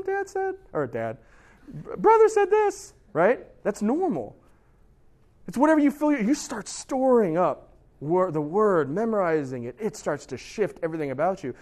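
A man with a fairly high-pitched voice gives a lively, conversational Bible talk to a youth group. He keeps checking in with his listeners and acts out little quoted voices as he goes. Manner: conversational, asks the listeners questions.

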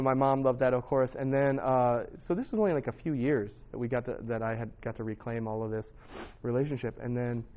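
A man in his thirties shares his testimony in an earnest, conversational way. His voice sits at an ordinary middle pitch, and the recording sounds a bit dull and lo-fi. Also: slight background noise. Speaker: speaker sharing his testimony. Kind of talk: personal testimony talk.

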